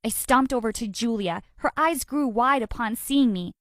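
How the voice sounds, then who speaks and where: A woman narrating a first-person animated story in a dramatic, expressive way. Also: a little high, moderate pace, hardly any pauses, no echo, studio quality.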